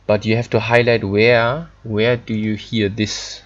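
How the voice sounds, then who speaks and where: A man teaching a German lesson in English, halting and full of fillers as he explains pronunciation. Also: on the low side. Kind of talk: online language lesson. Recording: dull lo-fi recording.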